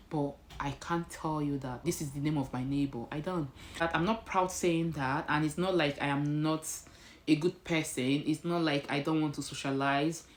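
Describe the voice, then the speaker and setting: A woman's voice: low voice, a little hiss or hum. A woman with a Nigerian accent chatting casually to camera at home, slipping in Pidgin phrases. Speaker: vlogger. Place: indoors at home.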